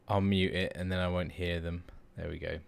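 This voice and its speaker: Man, 30s, podcast co-host, lowish voice, rambling, sweary, laughs a lot. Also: little pitch movement, measured pace, gravelly, clear, resonant tone. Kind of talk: casual chat.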